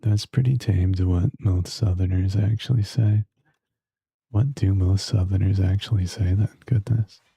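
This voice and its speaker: A man's voice: low-pitched, fairly even intonation, measured pace, gravelly, mellow, husky, no room sound. A man streaming live, bantering jokingly with chat and muttering to himself while he plays.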